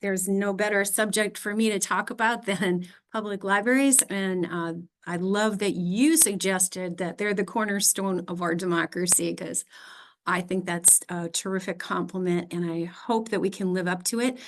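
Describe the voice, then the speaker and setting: A woman's voice: medium pitch, fairly even intonation, normal speed, a little hiss or hum. A middle-aged woman with an Upper Midwest American accent, giving a friendly, chatty presentation as a library director. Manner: friendly, chatty, with fillers and small laughs. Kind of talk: casual presentation.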